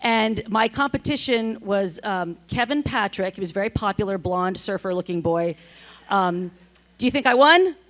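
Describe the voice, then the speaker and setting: A woman's voice: mid-range voice, normal speed. A woman in her fifties, a former television journalist, telling self-deprecating stories as a panelist. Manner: animated, self-deprecating storyteller. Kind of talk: storytelling panel talk.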